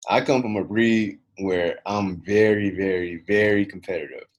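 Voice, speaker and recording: A man's voice: deep voice, normal speed. A young man co-hosting a casual podcast, telling a story with lots of swearing and acted-out quotes. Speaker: podcast co-host.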